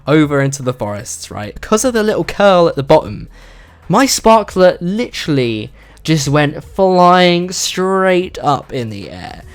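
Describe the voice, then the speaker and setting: A man's voice: sits high, clear, resonant tone. A young man telling an embarrassing story casually on his vlog, swearing freely and laughing along. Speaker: vlogger.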